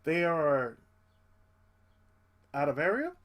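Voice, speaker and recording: Slow-paced and fairly high in pitch, this man hosts his channel and tells a story from his life as a loose rant. His exasperation shows in his animated delivery and liberal swearing.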